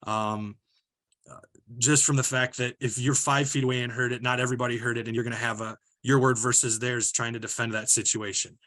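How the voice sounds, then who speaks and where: A man's voice: mid-range voice, level tone, fairly quick, fairly bright tone. A male basketball referee giving practical, matter-of-fact officiating advice with some fillers. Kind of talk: instructional talk on officiating.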